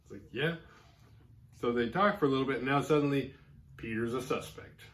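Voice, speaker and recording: A fast-talking man with a mid-range voice hosts a horror movie podcast, casually recapping a film. He's animated, acting out the characters' lines as he goes.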